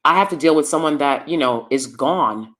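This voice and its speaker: A woman's voice: low-pitched, lively intonation, normal speed, a bit bright. A woman vlogger giving opinionated commentary to her viewers from downstairs at home, emphatic and repeating lines for effect.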